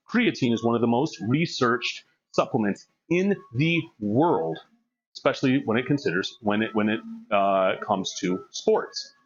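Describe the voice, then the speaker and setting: A man's voice: mid-range voice, dull audio. A man streaming live during a gym session, chatting candidly and rambling, laughing often. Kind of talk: casual chat while working out.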